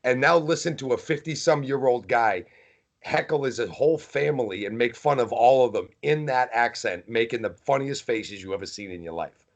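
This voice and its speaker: A man's voice: mid-range voice, normal speed, gravelly. A man with a New England accent, co-hosting a podcast in casual chat, speaking emphatically and with animation. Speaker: podcast co-host.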